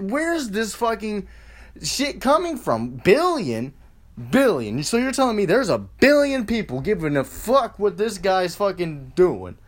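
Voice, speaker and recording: A man hosting a solo podcast, ranting in a rambling, profane and sarcastic way. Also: sits high. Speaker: podcast host.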